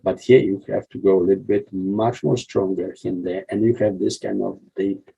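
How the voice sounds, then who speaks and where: Man, husky dark voice, rambling tutorial instructor. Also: steady tone, normal speed, highs cut off. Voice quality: deep gravelly husky voice. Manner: rambling, frequent "yeah?" and "you see" checks. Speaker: art instructor. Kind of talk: drawing tutorial walkthrough.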